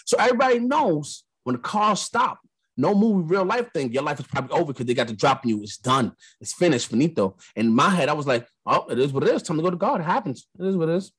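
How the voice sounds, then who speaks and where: A young man from New York with a New York accent, hosting a podcast and telling a story in a casual monologue, animated, acting out the lines of the people in it. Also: on the high side, fast talker, slightly rough. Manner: animated storyteller, acts out quotes. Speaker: podcast host.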